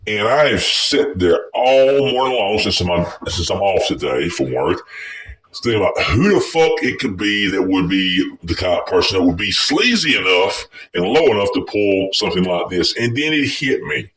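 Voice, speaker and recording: A man's voice: sits low, very animated, moderate pace, fairly bright tone, far from the mic, rough recording. A man casually telling a personal story, in a rambling and profane way that is full of restarts.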